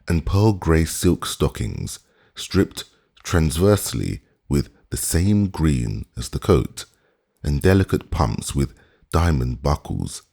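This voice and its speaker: A man narrating a classic novel as an audiobook reader, in measured, expressive storytelling. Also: very deep voice, gravelly, breathy edge.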